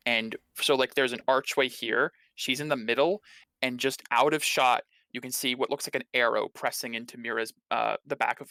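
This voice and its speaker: A man running a tabletop game as game master, narrating in a relaxed, halting way with many fillers. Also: mid-range voice, no echo. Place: home room, streaming.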